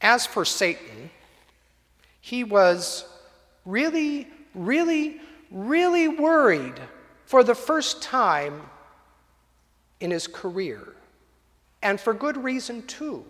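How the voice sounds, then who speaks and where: A man's voice: high voice, sing-song, slow pace, pauses often, a bit bright. A male preacher telling a story in a sermon, vivid and dramatic, in a church hall. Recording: long hall reverb.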